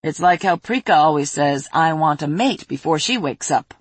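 A woman's voice: sits low, lively intonation, normal speed, slightly rough, no echo. A woman voicing a curious young male companion who asks plain questions.

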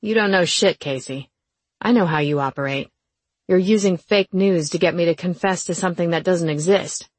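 A woman voicing an easygoing young man who jokes a lot but gives calm, dry advice in an audiobook. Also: on the low side, normal speed, no room sound, lightly acted. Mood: teasing.

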